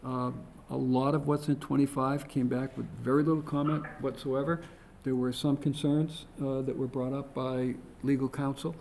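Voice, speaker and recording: A man's voice: medium pitch, level tone, normal speed, gravelly, a little mellow, a little hiss or hum, low-quality recording. A man chairing a town commission meeting, speaking with frequent ums and uhs. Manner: hesitant, many ums and uhs. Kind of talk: public meeting discussion. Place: meeting room.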